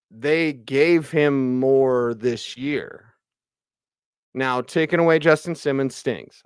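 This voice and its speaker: A man's voice: medium pitch, clear, resonant tone, no echo, clean studio sound. A man hosting postgame sports commentary, talking in an emphatic, ranting way full of rhetorical questions. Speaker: sports radio host.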